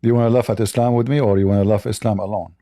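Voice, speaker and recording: A man's voice: on the low side, steady tone, rapid-fire, dark tone. Mocking, combative man hosting a call-in debate. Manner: mocking, combative, laughs at callers. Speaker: host of a call-in debate stream. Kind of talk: live call-in religious debate.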